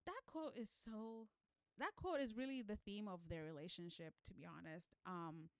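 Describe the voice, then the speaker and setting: A woman's voice: mid-range voice, moderate pace, no room sound. A woman co-hosting a casual book podcast, speaking earnestly and emphatically. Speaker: podcast co-host.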